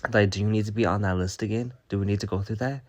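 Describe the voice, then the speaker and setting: A man's voice: lowish voice, steady tone, quick pace. A young man telling a story in a casual vlog, sassy and blunt, cursing freely as he reads out his own messages. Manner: retells a chat, reading out his messages.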